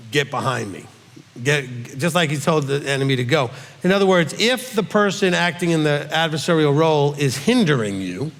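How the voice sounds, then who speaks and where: Middle-aged rabbi guy, fairly high voice, keeps going "okay?", big echoey hall. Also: a bit bright. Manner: emphatic, with frequent "okay?" check-ins. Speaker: rabbi teacher. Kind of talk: Q&A teaching. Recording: long hall reverb.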